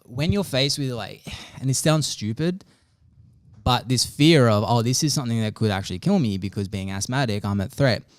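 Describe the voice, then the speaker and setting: A man's voice: medium pitch, expressive, normal speed, dry recording. A young Australian man chatting casually on a podcast, rambling and swearing freely as he acts out quoted conversations. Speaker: podcast host.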